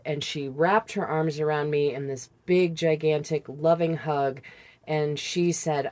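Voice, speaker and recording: A woman in her forties with a low voice speaks as a podcast guest, recounting her own past in conversation. She is candid and sometimes halting, and she imitates sounds as she remembers them. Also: darkish tone. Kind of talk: personal storytelling in conversation.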